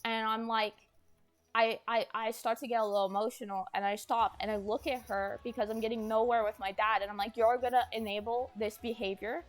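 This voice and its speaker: A woman's voice: on the high side, flat delivery, a little fast, faint music behind. A woman streamer telling a personal story in a rambling way, with lots of "like" and frequent restarts.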